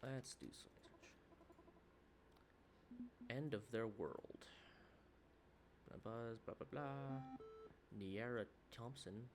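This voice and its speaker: A man's voice: mid-range voice, takes it slowly, pauses often, noisy background. A man doing casual, joking let's-play commentary. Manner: joking, wisecracking. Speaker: gamer.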